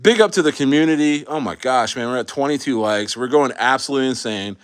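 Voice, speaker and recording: A man from the United States chatting casually on his livestream at an everyday mid pitch. He rambles, restarts his sentences and swears freely as he talks to his viewers. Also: quick pace, clean tone, dry recording, studio quality. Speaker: livestream host.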